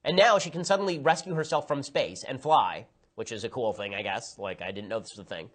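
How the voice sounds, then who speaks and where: Brief: male commentator, quick sarcastic rant, exasperated asides, mid-pitched voice. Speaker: political commentator. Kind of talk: rapid opinionated film review.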